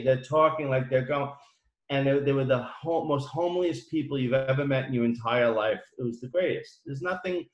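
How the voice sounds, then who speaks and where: A man telling a story in casual chat, animated and profane. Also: mid-range voice. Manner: animated, profane, mimics people in his stories. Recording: echoey room.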